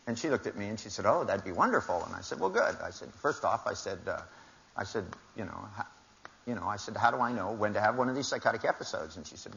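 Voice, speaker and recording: A man's voice: lowish voice, a bit bright. An older man giving a seminar talk to a live audience, telling wry anecdotes and acting out the dialogue with shifting voices. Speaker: seminar speaker. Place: large hall with audience. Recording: dull lo-fi live talk recording.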